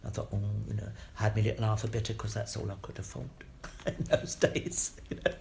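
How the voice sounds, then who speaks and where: Gravelly older man telling stories. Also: fairly low pitch, brisk, slight background noise. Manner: lively, swears freely, laughs between stories. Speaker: guest actor. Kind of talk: anecdotal interview storytelling.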